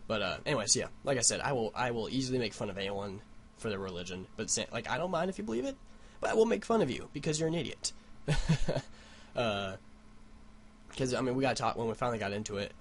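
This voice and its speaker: A man's voice: mid-range voice, lively intonation, fast, a little hiss or hum. A young man vlogging at home, telling a rambling, profane story into his computer mic. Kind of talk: casual rant.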